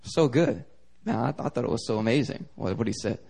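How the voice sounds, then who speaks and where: A man's voice: mid-range voice, brisk, creaky, slightly rough. A male pastor preaching a sermon, telling stories animatedly and acting out the voices of the people in them. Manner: animated storytelling, acts out voices.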